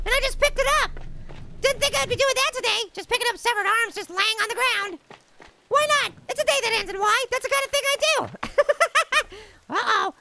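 A woman commentating her gameplay in a bubbly, giggly way, often exclaiming at surprises. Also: extremely high pitch. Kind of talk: gaming let's play commentary. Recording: noisy home recording.

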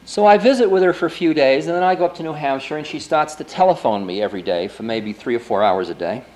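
A man's voice: a little high, animated, quick pace, a little mellow, poor audio. A man in his forties, a spiritual teacher giving a lecture, telling a story in a loose, conversational way full of "you know" and "I mean". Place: lecture before an audience.

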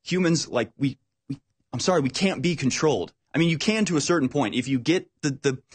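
A man hosting a talk show, speaking in an animated, emphatic way and repeating words when worked up. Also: fairly high pitch, a little fast, breathy edge. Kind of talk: casual political talk.

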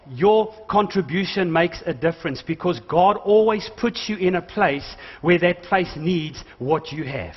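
High-voiced pastor preaching in a hall. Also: male voice, animated, normal speed. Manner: preaching with jokes, emphatic calls to the congregation. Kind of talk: sermon. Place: church hall. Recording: dull church recording with long hall reverb.

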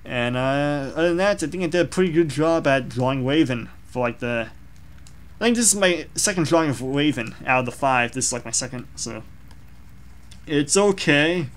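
A man's voice: a little high, lively intonation, normal speed. Rambling young man critiquing his drawing. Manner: rambling and self-deprecating, many fillers. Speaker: drawing vlogger. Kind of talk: casual commentary over a drawing.

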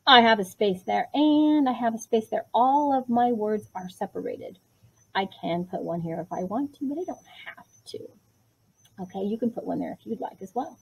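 A woman leads a kindergarten writing lesson, patient and encouraging. Her voice sits a little high with a breathy, husky edge. She sounds out each word slowly for the children. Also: muffled recording. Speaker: kindergarten teacher.

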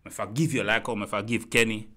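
A man's voice: fairly low pitch, little pitch movement, fast, sharp tone. A man from Jamaica with a Jamaican accent, giving a heated, rambling opinion rant straight to his listeners and repeating his points. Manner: heated, repetitive, addresses listeners directly. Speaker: commentator.

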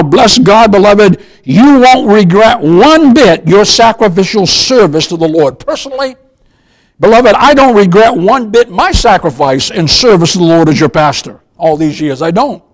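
A man's voice: high voice, poor audio. An older man preaching a sermon as pastor, emphatic, often calling his listeners "beloved" and asking them questions. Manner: emphatic, repeats "beloved", asks the congregation questions.

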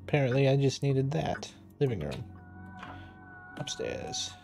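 Working through a detective game, this streamer reads out the text and jokes sarcastically, laughing often in playful commentary. His mid-range voice swoops wildly and moves a little slowly, over background music.

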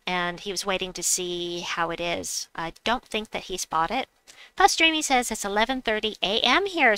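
A woman's voice: medium pitch, bright, forceful tone, smooth, no room sound. A woman hosting a casual gaming livestream, chatty and playful, reading chat aloud and making silly noises. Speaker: livestream host.

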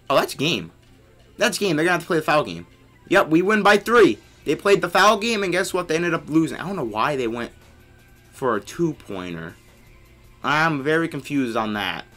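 A young man giving casual commentary over his own basketball video game, excitable and grumbling at teammates. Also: on the high side. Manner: excitable, yelling on big plays, grumbling at teammates.

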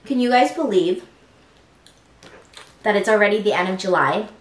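A young woman hosting an eating show, chatting excitedly with viewers between bites. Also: mid-range voice, normal speed, reverberant. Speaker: mukbang host. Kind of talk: casual eating-show chat.

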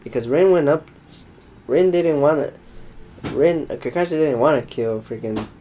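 A young let's play host speaks at normal speed in a fairly high yet dark-toned voice, rambling and joking with viewers he calls folks as he plays. The recording is low quality, with a bit of hiss or hum.

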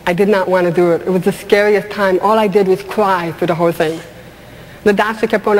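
A woman comedian and speaker telling stage stories in an animated way, asking the audience questions and laughing along. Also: mid-range voice, a little fast, slight background noise. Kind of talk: stand-up storytelling. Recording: large hall with long reverb, faint ambience.

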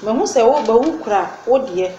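A woman's voice: a little high, lively intonation, a little fast, dark tone. A woman interviewing a guest, asking short questions and murmuring agreement. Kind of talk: casual interview in Twi. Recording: dull echoey room with faint noise.

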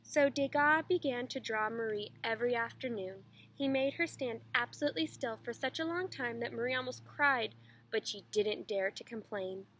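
A teacher reading a children's picture book aloud in a steady, expressive storytelling manner. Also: female voice, on the high side, moderate pace, a little hiss or hum, poor audio.

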